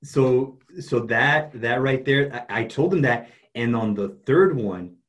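Earnest man coaching, halting speech. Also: medium pitch. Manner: earnest, halting, many restarts. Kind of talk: casual conversation.

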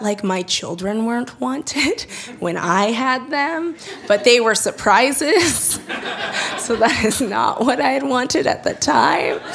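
A young woman telling a personal story in a chatty way, laughing often and acting out quoted lines in lively voices. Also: on the high side, gravelly.

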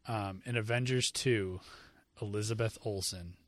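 A man's voice: fairly low pitch, measured pace, dry recording. Male host, casual movie talk, opinionated, dry close mic. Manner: opinionated, animated, repeats words. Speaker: podcast host. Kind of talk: casual movie review chat.

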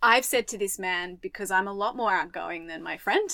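An Australian woman co-hosting a podcast, telling a travel story in lively detail and acting out the voices she quotes. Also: mid-range voice, normal speed, gravelly, no room sound. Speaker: podcast co-host. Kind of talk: casual chat, storytelling.

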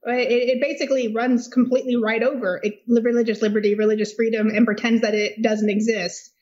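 A fairly high-voiced woman attorney explains a case with emphatic, articulate energy. She drops dry, sardonic asides as she goes. Her audio sounds a little muffled and lo-fi. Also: little pitch movement, a little fast, a little mellow. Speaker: attorney guest. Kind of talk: legal discussion.

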